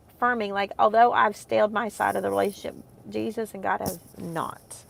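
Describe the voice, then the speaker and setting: A woman's voice: medium pitch, steady tone, a little fast, creaky. A woman in her thirties, a homeschooling mom vlogging, talking in a rambling, heartfelt way with many fillers. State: emotional, close to tears. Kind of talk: casual chat to camera.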